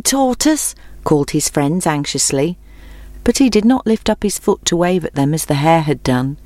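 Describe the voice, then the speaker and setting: A woman reading a children's story aloud in a clear, expressive way. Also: deep voice, no room sound.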